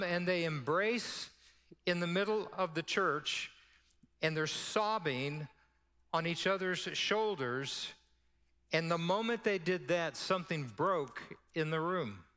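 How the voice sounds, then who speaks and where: A man's voice: high voice, pushed and bright. A male pastor telling a story in a sermon, acting out the dialogue as he goes. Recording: long hall reverb.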